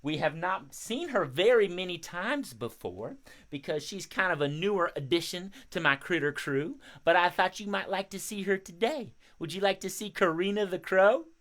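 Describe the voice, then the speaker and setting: A man hosting a live children's music show, chatting casually and giving shout-outs to young viewers. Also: high-pitched, lively intonation, normal speed. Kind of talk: casual live-stream chat for kids.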